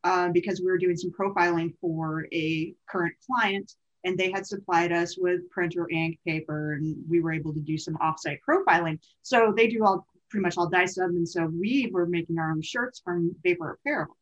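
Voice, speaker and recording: A woman's voice: lowish voice, normal speed, few pauses, dull audio. A woman co-hosting a podcast, telling a story in a chatty, meandering way with self-corrections. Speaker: podcast co-host. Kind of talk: casual conversational storytelling.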